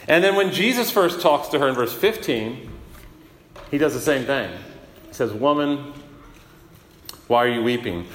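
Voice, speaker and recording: A man's voice: medium pitch, a bit bright, slight background noise. A middle-aged man preaching a sermon as a pastor, in a conversational, self-deprecating way with frequent restarts. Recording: roomy hall with long reverb.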